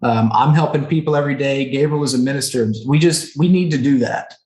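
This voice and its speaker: A man in his thirties speaks as a podcast guest, earnest and emotional as he recounts his own past. He keeps checking in with his listener with little "right?" and "okay?" tags. His voice sits at an ordinary middle pitch and rings a little in a roomy space. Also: a little fast, a little mellow. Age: 30s. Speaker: podcast guest, recovery center co-owner. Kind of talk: personal storytelling in a conversation. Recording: roomy echo on the voice.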